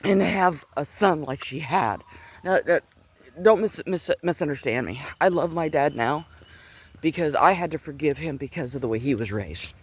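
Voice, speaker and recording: A man's voice: on the high side, expressive, moderate pace, breathy edge. A middle-aged man, a little out of breath, walking outside and rambling earnestly through a personal faith story, with many restarts. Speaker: faith vlogger. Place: outdoors, walking on a chilly day. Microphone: Bluetooth earpiece.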